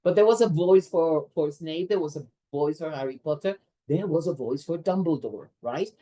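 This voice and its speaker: Woman teacher trainer, lively workshop talk, expressive, somewhat low voice, keeps asking "right?". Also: moderate pace. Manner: animated and expressive, constantly checking in with "right?".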